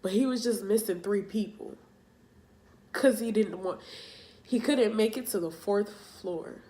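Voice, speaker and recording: A young woman telling a personal story for her vlog, halting and emotional, with casual slang. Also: medium pitch, mellow. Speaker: vlogger.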